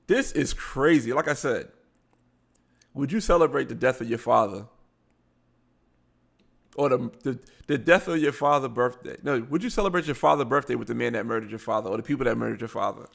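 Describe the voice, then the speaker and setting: Man, Baltimore accent, gravelly voice, middle pitch, reads articles aloud with stumbles, casual live show host. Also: brisk, fairly bright tone. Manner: reads articles aloud, stumbling over words and adding blunt asides. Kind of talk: casual live commentary reading news aloud.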